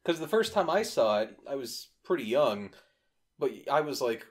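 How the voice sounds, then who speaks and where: A man's voice: mid-range voice, animated, moderate pace. Young man cracking crude jokes. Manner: profane, joking, rambling. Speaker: podcast co-host. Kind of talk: casual chat.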